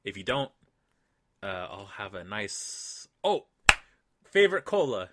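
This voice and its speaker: A man's voice: on the low side, slow, very noisy. A young man chatting as a podcast guest, playful and boastful in his banter. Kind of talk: casual chat.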